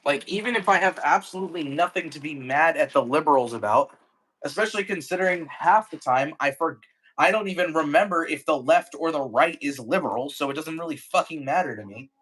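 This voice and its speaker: A man's voice: fairly high pitch, fairly quick, fairly bright tone, husky, rough recording. A man hosting a livestream, chatting casually in a dry, teasing, matter-of-fact way with plenty of swearing. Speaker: streamer, host.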